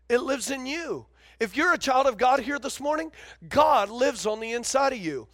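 Male pastor with a very high voice, animated sermon delivery, calls out to the congregation, dry close sound. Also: no room sound.

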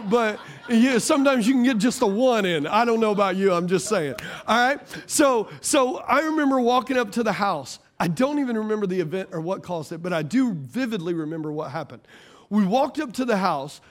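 Man, forties, pastor, sermon, high-pitched voice, animated, joking, loud-to-hushed swings.

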